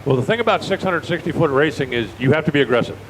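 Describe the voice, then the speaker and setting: American drag race announcer, folksy and chatty, talks fast, faint track noise outside. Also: male voice, a little high, low-quality recording. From United States. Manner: chatty, folksy, animated storyteller. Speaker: drag racing commentator. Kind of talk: live race commentary. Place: outdoor raceway. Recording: faint outdoor engine noise.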